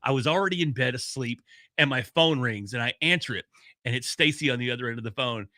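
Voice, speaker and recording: A middle-aged man, a podcast consultant, telling blunt, animated stories with some swearing in a casual chat. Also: mid-range voice, fast, dry recording. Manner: animated storyteller, blunt and profane.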